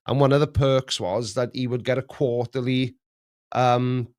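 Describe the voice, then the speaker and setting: A man's voice: mid-range voice, fairly even intonation, a little slow, a little mellow, no echo, studio quality. A middle-aged man hosting a casual live chat, joking, laughing often and reading out viewer messages. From Wales. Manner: jokey, laughs often, reads chat aloud. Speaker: livestream host.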